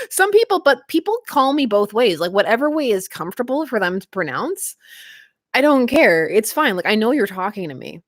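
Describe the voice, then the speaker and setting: Giggly woman, lively voice. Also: fairly high pitch, moderate pace, no echo, clean studio sound. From Canada. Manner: chatty, giggly, laughs often. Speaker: livestream host. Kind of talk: casual livestream chat.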